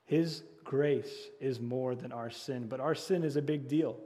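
A man's voice: medium pitch, measured pace, warm tone. A man preaching a sermon as pastor, earnestly repeating key phrases and leading the congregation in call and response. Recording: long hall reverb.

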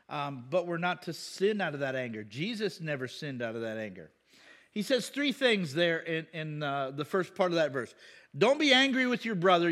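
Guy preaching, kinda high voice, talks with the crowd, gets loud and punchy on points. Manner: conversational preaching with questions to the congregation. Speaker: pastor. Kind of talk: sermon.

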